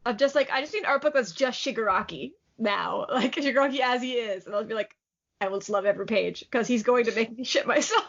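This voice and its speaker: Recapping a manga chapter as a podcast co-host, a woman speaks with a high-leaning, gravelly, fairly bright voice. She's casual, chatty and excited, using lots of "like" and laughing quickly, with the sound coming through slightly muffled and lo-fi.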